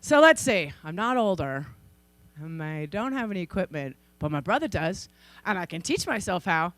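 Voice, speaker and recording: A woman in her forties from Idaho giving a conference keynote, telling stories in a lively way and acting out the people in them. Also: on the low side, moderate pace, dry recording. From Idaho, USA. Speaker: keynote speaker. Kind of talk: storytelling speech. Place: conference stage.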